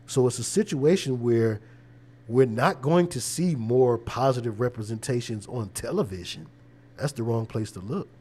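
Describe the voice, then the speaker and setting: A man's voice: medium pitch, normal speed, a little mellow, husky. Conversational preacher man, repeating himself. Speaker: preacher and show host. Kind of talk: casual livestream commentary.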